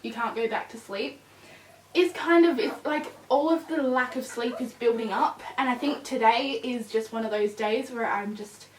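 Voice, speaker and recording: Here a woman speaks at a normal speed in a slightly high voice, with a bit of background noise. She's a vlogger who just got a puppy, talking casually and loosely, leaning on fillers and seeming a little worn out. Her distant mic picks up an echoey room.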